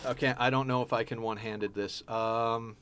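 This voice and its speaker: A man's voice: mid-range voice, moderate pace. A man streaming a game live, chatting casually and explaining each step of his plan as he goes. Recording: steady background noise.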